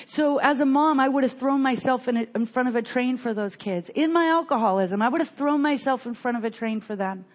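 With a high-pitched voice, an older woman earnestly relates her own recovery, pausing and restarting sentences again and again.

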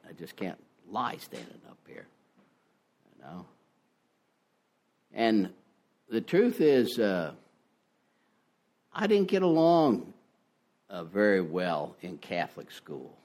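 An older man speaking at a recovery meeting through an ear-worn headset mic. His voice sits low but swings widely in pitch. He talks in a folksy, self-deprecating way and keeps dropping in "you know". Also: a little mellow. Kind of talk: personal testimony talk.

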